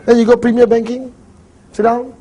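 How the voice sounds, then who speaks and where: Malaysian man, seminar trainer, lively and jokey, high husky voice. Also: moderate pace. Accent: Malaysian English. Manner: animated, jokey, acts out little dialogues. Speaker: network marketing trainer. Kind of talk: live seminar talk.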